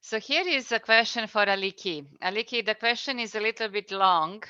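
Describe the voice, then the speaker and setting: A female workshop moderator reading out an audience question slowly and carefully. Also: medium pitch, bright, forceful tone, smooth, no echo. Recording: dry, dull lo-fi recording.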